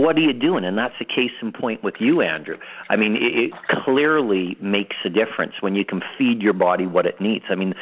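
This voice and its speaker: A man's voice: on the low side, muffled recording. A man hosting an interview, upbeat, often repeating words as he starts a sentence. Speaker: host. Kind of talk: interviewing a guest.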